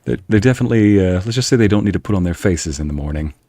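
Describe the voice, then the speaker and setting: Male game streamer, deep voice, very expressive, wry. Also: rapid-fire, dry recording. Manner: animated, wry, talking to himself. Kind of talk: gameplay commentary.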